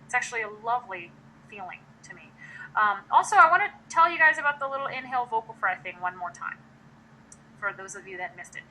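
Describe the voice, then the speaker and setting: Woman teaching singing on a live stream, bright higher voice, chatty, little bit of hiss behind. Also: animated, fast talker, rough recording. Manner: chatty, demonstrates sounds while explaining.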